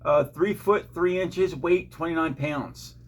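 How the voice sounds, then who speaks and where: A man co-hosting a card unboxing stream in casual chat, curious and full of questions, reading card stats out slowly. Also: fairly high pitch.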